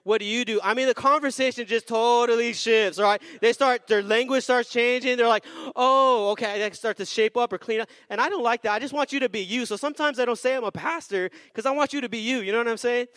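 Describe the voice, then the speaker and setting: A man's voice: very high voice, fast, few pauses, a bit bright, no room sound. A young adult man preaching a sermon as a pastor, emphatic with call-and-response cries, tired and a little out of breath.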